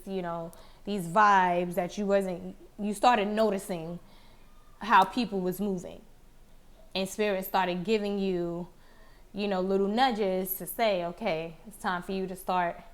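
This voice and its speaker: A chatty woman reads tarot cards straight to her viewers. Her voice sits at a middle pitch, and she circles back over the same phrases, breaking into exclamations and the odd curse along the way. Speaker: tarot card reader. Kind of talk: casual tarot reading to camera.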